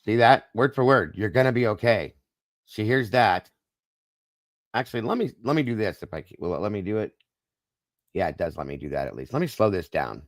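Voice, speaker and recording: A man's voice: fairly low pitch, expressive, brisk, pauses often, no room sound. A man hosting a casual live-stream discussion, musing aloud and talking straight to viewers in the chat. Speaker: livestream host.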